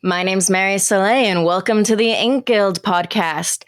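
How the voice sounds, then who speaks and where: A woman's voice: medium pitch, normal speed. A young woman hosting a podcast, reading a formal opening and then chatting lightly with her guests. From Canada. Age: young adult. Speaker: podcast host. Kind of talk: podcast chat with scripted opening.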